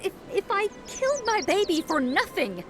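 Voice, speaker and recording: A woman's voice: very high-pitched, very animated, moderate pace, a little hiss or hum. An actress voicing an anxious young mother in a game who refuses gene therapy for her baby, speaking defensively and pleadingly. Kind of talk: video game voice acting.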